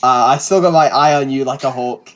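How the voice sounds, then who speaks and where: A man player in a tabletop game who speaks haltingly and sounds suspicious of others. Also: medium pitch, a bit bright. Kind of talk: tabletop play.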